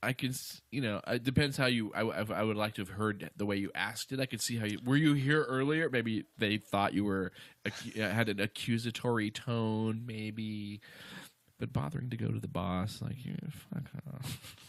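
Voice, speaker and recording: A man's voice: on the low side, steady tone, normal speed, creaky, no room sound. A man co-hosting a podcast who talks bluntly, swears a lot and laughs easily. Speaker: podcast co-host. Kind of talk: casual chat.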